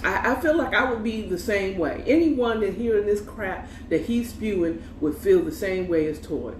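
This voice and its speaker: A woman's voice: mid-range voice, animated, moderate pace, a little hiss or hum. A woman casually recapping a story at home, animatedly quoting the characters and swearing freely. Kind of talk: casual recap with quoted lines. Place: home room. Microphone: earbuds with mic. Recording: echoey room, slightly distant mic.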